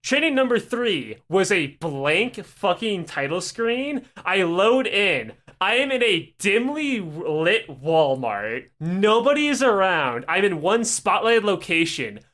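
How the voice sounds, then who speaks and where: A man co-hosting a podcast, telling a rambling, profane, animated anecdote in casual chat. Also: sits high, slow, few pauses. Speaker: podcast co-host. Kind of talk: casual comedic storytelling.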